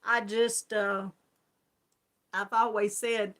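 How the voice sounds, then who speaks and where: A woman's voice: medium pitch, level tone, slow pace, a bit bright. A woman with a country Southern Georgia accent, hosting a casual live chat stream, greeting viewers by name and laughing often.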